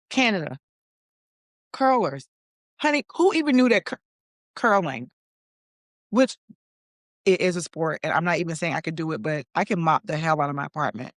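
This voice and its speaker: She speaks at a moderate pace in a low, animated voice, leaving long pauses, recorded at studio quality with no room sound. In her forties and hosting a podcast talk show, she serves up casual opinion commentary with sass and chatter, calling listeners "honey" and saying "okay."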